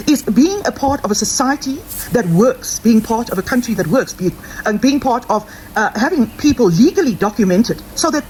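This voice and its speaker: A woman's voice: on the high side, darkish tone, a little hiss or hum, rough recording. A South African woman with a South African accent giving an impassioned monologue, asking rhetorical questions and repeating phrases for emphasis. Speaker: commentator.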